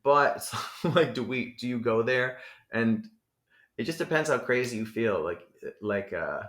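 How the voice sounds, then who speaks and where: A man's voice: medium pitch, animated, a little slow, fairly bright tone. A man from New Jersey talking as a podcast guest, rambling and profane, packing his talk with "you know". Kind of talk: casual interview chat. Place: podcast studio. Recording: roomy echo.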